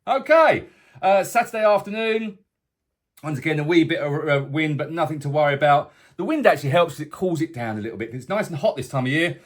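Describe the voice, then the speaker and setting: A man with a slightly raised pitch talks through a weekly weather forecast in a loose, conversational way. He pitches boat tours as he goes and keeps dropping in jokey asides. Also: lively intonation, brisk. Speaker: boat tour company presenter. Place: indoors, away from the tour base.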